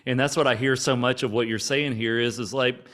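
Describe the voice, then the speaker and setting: Male podcast host, mid pitch, casual reflective interviewer. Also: fairly even intonation, brisk, a bit bright. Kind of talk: interview questions.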